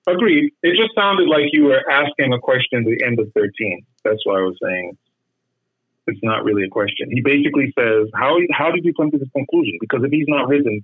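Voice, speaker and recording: A man leading a Bible study, explaining and correcting in a measured, patient way. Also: mid-range voice, slightly rough, dry recording. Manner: measured, explanatory, repeats words when correcting. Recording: muffled phone-line sound.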